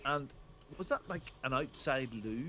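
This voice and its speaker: Joking Northern Irish podcast host. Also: male voice, mid-range voice, lively intonation, normal speed, sharp tone, slight background noise. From Northern Ireland. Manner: jokey, self-deprecating banter. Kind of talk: casual podcast chat. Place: home, Northern Ireland.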